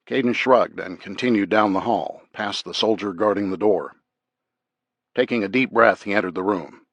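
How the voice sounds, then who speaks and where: A man narrating a thriller audiobook in a measured, even way. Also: on the low side, no room sound. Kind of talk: scripted narration.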